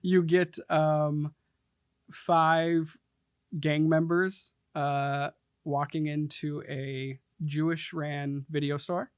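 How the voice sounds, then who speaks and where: A man's voice: a little high, little pitch movement, drawn-out words, clear, resonant tone, dry recording, studio quality. A man co-hosting a podcast, recapping a movie in casual chat and laughing often. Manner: laughs often, brief agreeing replies. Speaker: podcast co-host.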